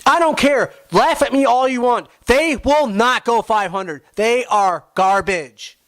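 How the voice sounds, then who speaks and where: A man's voice: very high voice, takes it slowly, a bit bright, no echo. A young man hosting a sports podcast, ranting with swearing and frustration about his team. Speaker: podcast host.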